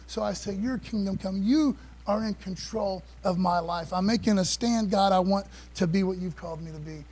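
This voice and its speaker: A man preaching a sermon to his church, animated and repeating phrases, calling on the congregation to answer back. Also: high-pitched, moderate pace, low-quality recording. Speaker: pastor.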